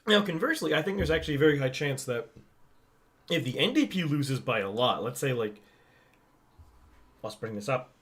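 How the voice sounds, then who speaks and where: A man's voice: mid-range voice, lively intonation, normal speed, long pauses, fairly bright tone. A man co-hosting a casual podcast, speculating at length about an election with frequent restarts, recorded on a microphone he shares with his co-host at home. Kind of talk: casual political chat. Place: home setup, not a studio.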